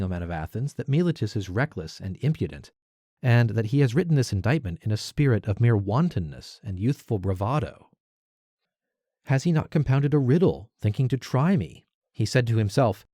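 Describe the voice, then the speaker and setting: Male reader, low and mellow voice, dry close mic, rhetorical questioning delivery. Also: very animated, moderate pace, no room sound. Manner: rhetorical, questioning, rising emphasis on key words. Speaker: reader of a classical text. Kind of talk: dramatic reading of a philosophical dialogue.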